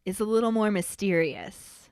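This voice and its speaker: A woman's voice: medium pitch, normal speed, darkish tone, clean tone, no echo, clean studio sound. A woman co-hosting a podcast in casual chat, retelling a story playfully. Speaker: podcast co-host.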